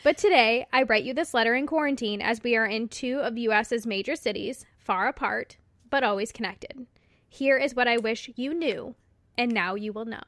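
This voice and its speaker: Casting: young woman podcast co-host, fairly high voice, giggly and emotional, dry close sound. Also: fairly bright tone, no room sound. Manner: giggly, emotional, quick to laugh. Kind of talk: casual chat.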